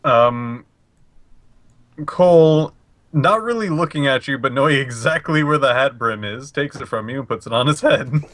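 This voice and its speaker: A man's voice: mid-range voice, expressive, moderate pace, a bit bright, no echo. A man playing a tabletop game, describing his character's actions in a matter-of-fact way. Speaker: player.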